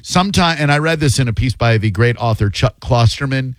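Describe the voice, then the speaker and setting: A man's voice: medium pitch, lively intonation, fairly quick, dry recording. A man hosting a radio talk show, riffing on his opinions in a casual, rambling way.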